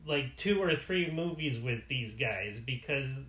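A man's voice: mid-range voice, lively intonation, a little slow, a bit bright, reverberant. A man hosting a podcast, talking casually and enthusiastically with lots of fillers. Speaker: podcast host. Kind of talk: casual chat.

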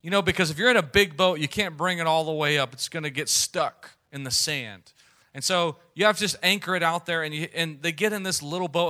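A man preaching a sermon, retelling a scripture story in a relaxed, conversational way. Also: fairly high pitch.

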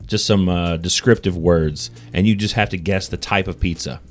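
A man with a fairly low voice hosts a podcast game, reading out clues in a playful, teasing way. The talk is loose and casual, with light music faint behind him. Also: steady tone, moderate pace. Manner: playful, reads clues as if he were the pizza. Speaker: podcast host running a game.

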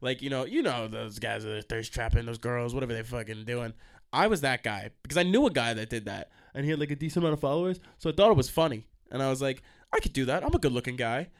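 This young college radio host speaks fast in a mid-range voice from the station's studio. His talk is loose and full of profanity, and he gets worked up and veers off track.

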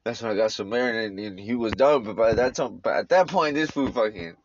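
A man's voice: on the low side, animated, brisk, slight background noise. A man casually telling a rowdy story, swearing and laughing as he acts out what people said. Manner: profane, laughing storyteller acting out voices. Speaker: podcast host. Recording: dull lo-fi recording with faint music.

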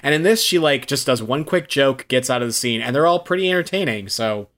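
A man's voice: mid-range voice, animated, brisk, a bit bright. Upbeat man laughing through a review. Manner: upbeat, laughs easily, many fillers. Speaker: podcast co-host. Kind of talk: casual movie review chat.

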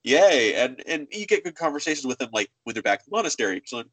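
A man in casual conversation about a video game, talking with animated energy and slipping into voices for characters. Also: mid-range voice, fast, hardly any pauses, breathy edge, dry recording, low-quality recording. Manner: animated, acts out game dialogue in funny voices. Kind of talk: casual gaming chat.

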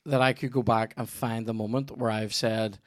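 A man's voice: mid-range voice, steady tone, moderate pace. A young man with a Northern Irish accent hosting a podcast, chatting casually in a rambling, sweary way with lots of restarts. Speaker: podcast host. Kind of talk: casual chat.

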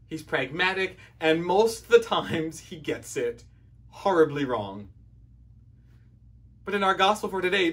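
A man's voice: sits high, a bit bright. A man preaching a sermon in a conversational, storytelling way, briefly acting out voices from the parable.

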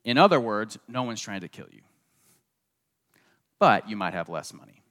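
A man's voice: fairly low pitch, big pitch swings, normal speed, a bit bright, long reverb tail. A man preaching a sermon with a faint Southern accent, earnest and repeating phrases for emphasis, tagging points with "okay?". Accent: slight Southern. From southeastern United States. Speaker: pastor.

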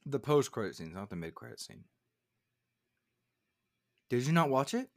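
A man chatting on a podcast, his voice dry and close with no room around it. He talks in a mid pitch, growing animated and loud when something bugs him. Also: normal speed, no room sound. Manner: animated, gets loud and high when annoyed. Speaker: podcast co-host. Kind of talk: casual chat.

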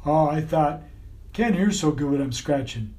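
A man voicing a dim, bashful male dog with long ears, speaking in a slow, hesitant drawl in an audiobook. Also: fairly high pitch, expressive, darkish tone, lightly acted. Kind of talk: audiobook character voice.

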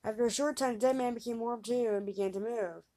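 A woman reading an old fairy tale aloud, lifting her pitch and volume for the characters' lines. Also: quick pace. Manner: lively reader raising pitch and volume for quoted voices. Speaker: storyteller.

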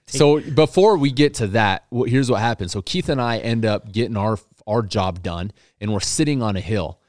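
A man's voice: fairly low pitch, normal speed, a little mellow, no echo, studio quality. A man telling a story among friends in rambling, profane casual chat, quoting what others said.

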